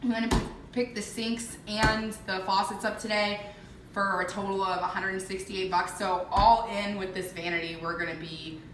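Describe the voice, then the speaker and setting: A young woman giving a casual walkthrough of her home renovation, chatty and filling pauses with lots of ums. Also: mid-range voice, steady tone, background noise. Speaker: homeowner giving a renovation tour. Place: empty house under renovation, indoors. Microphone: camera mic held by another person. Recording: echoey bare room, voice off-mic.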